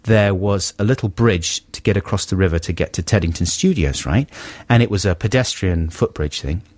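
A man, a radio co-host telling an anecdote, animated and exasperated. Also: sits low, fairly quick, no echo. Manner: animated storyteller, exasperated, many restarts. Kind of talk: anecdote in casual chat.

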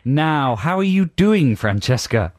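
A man's voice: a little high, sing-song, measured pace, no room sound. A man co-hosting a radio show, bantering dryly and teasing callers. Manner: dry, joking, teasing. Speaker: radio co-host.

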